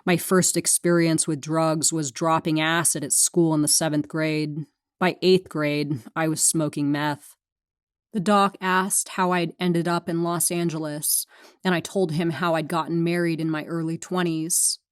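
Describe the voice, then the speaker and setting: A woman's voice: low voice, little pitch movement, measured pace, smooth, no echo. A woman from California reading her own memoir aloud, frank and sardonic with a dry sense of humor. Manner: frank, sardonic, dryly funny. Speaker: memoir narrator.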